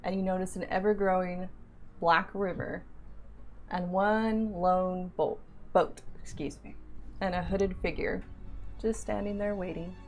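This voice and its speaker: A woman running a tabletop game as game master, narrating in a steady, self-described monotone voice. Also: on the low side, unhurried, soft background music.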